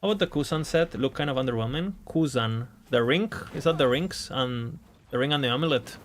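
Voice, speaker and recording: A man's voice: mid-range voice, brisk. A man with a mid-range voice chats casually while streaming a game. He thinks aloud, hedges and repeats his words as he weighs his options. A faint noise hums behind him.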